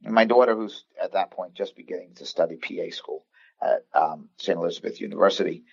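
A deep, gravelly man in his fifties tells a personal story on a podcast, earnest and halting, often restarting his sentences. His voice is husky and low, and the dry, dull recording sounds lo-fi. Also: dry recording. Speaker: basketball coach guest.

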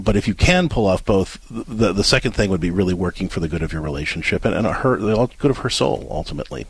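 Husky lowish guy on a radio advice show, dry close mic, keeps restarting sentences. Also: no room sound, low-quality recording. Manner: earnest, halting with many restarts. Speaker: radio host and counselor.

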